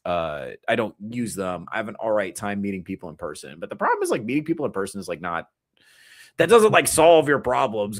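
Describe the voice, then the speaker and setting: Male comedian, thirties, low register; loose profane streaming rant, rambling with animated mock quotes. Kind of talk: casual rant to a live chat.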